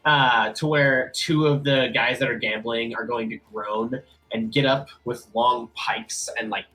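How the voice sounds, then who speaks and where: A man's voice: mid-range voice, a little slow, rough recording. Man narrating as a game master. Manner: relaxed, hesitant with many fillers.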